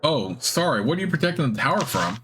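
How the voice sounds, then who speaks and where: A man's voice: on the high side, sing-song, quick pace, fairly bright tone, slight background noise, voice pushed up. Curious polite adventurer, asking questions, a man reading the lines, fantasy game dialogue.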